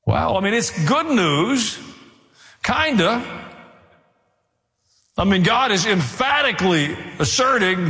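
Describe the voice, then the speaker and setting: A man's voice: sing-song, takes it slowly, long pauses, bright, forceful tone. A man preaching a sermon, earnest with dry asides. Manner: earnest preaching with dry asides, rising in pitch as he presses the point. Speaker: pastor. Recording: long hall reverb.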